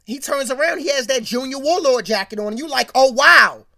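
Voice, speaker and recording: A casual show-recap commentator with a bright, forward tone. The delivery is slangy and digressive, addressed straight to the audience. It turns louder and more animated when walking through scenes. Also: high-pitched, quick pace.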